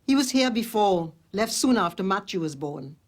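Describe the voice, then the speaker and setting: A woman's voice: medium pitch, expressive, normal speed, lightly acted. An actress playing a guarded woman neighbour who answers a detective's questions with short, curt replies. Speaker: neighbour of the victim. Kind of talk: TV police drama acting.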